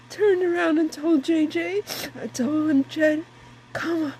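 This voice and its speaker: Woman, grieving mother, crying, slow, halting, repeats herself. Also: sits high, steady tone, darkish tone, slight background noise, rough recording. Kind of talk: tearful personal account.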